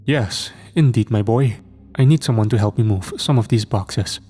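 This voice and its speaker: A man's voice: on the low side, warm tone, slightly rough. A man voicing an elderly, stern but kindly old man with a German accent. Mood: friendly. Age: older. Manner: stern, measured.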